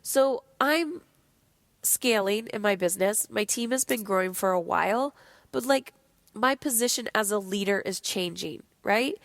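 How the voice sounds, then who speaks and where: Speaking in a mid-range voice with vocal fry, this woman hosts a podcast and gives an unhurried, candid motivational monologue despite being sick and low-energy. Her delivery is animated, blunt, and heavy on profanity, with no room sound.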